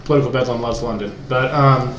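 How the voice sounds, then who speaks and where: A young man co-hosts a casual podcast from a room in his house, rambling with lots of fillers and restarts. His medium-pitched, fairly bright voice moves quickly with fairly even intonation. He's on a cheap USB mic, and the home room sounds echoey with a faint hiss.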